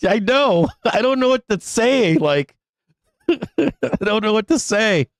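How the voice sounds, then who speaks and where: A man's voice: high voice, lively intonation, takes it slowly, dry recording, studio quality. A man hosting a live stock trading show, ranting in exasperation at his viewers with heavy swearing, laughing and pleading.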